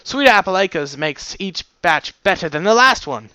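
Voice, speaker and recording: A man's voice: sits high, animated, moderate pace, pushed and bright, smooth, no room sound, pitched above the performer's own voice. A man voicing a friendly male pony with a put-on Australian accent that drifts between accents. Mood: cheerful. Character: friendly male pony, cheerful cider drinker.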